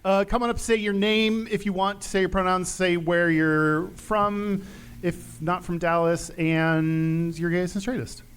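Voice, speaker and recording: High-voiced male podcast co-host. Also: little pitch movement, unhurried, fairly bright tone, clean tone. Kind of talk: live podcast hosting.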